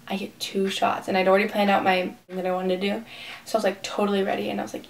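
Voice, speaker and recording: A woman's voice: medium pitch, completely flat delivery, racing, gravelly. Gushing teen girl vlogger, distant mic. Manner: gushing, rambling, many "like" fillers. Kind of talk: excited storytime vlog. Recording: distant mic with faint room noise.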